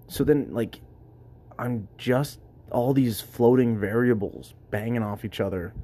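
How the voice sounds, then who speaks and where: A man hosts his own show from his workplace, recorded without a microphone, musing aloud alone in a casual, rambling way and interrupting himself. His mid-range voice is mellow and husky, at a measured pace.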